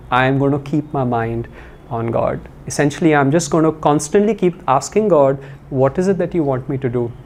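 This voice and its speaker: A man's voice: on the high side, darkish tone, slight background noise. Man giving a chatty spiritual talk. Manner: conversational, many fillers and restarts.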